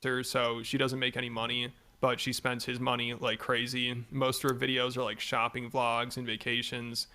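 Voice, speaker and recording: A man's voice: medium pitch, monotone, normal speed, few pauses, sharp tone. A man narrating a commentary in a matter-of-fact way.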